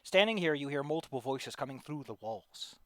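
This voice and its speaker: A man's voice: fairly high pitch, animated, fairly quick, dry recording, clean studio sound. A man narrating as game master in a tabletop game, talking loosely with lots of filler words.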